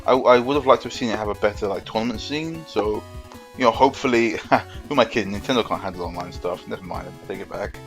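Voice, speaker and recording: A man's voice: lowish voice, quick pace, creaky, fairly bright tone, faint music behind. A man co-hosting a gaming podcast, rambling and joking in casual chat with lots of fillers. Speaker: podcast co-host.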